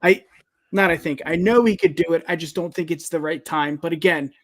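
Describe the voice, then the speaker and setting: A man's voice: on the high side, a little fast. A man co-hosting a wrestling podcast, chatting casually and hyping things up. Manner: hype-man, energetic sign-offs. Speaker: podcast co-host.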